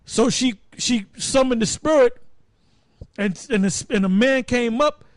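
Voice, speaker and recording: Man, casual Bible teacher, high voice, dry recording, loose and emphatic. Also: unhurried, no room sound. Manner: rambling, restarts, emphatic. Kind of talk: casual preaching.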